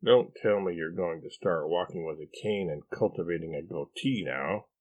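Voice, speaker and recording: A man doing an exasperated, sharp-tongued wife. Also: sits low, normal speed, highs cut off. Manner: incredulous, teasing questions.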